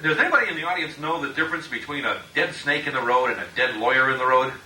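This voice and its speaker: A middle-aged man giving a joking roast speech at a party, halting with many uhs and laughing at his own jokes. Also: mid-range voice, animated, sharp tone. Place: party room with guests. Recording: echoey room, distant mic, background noise.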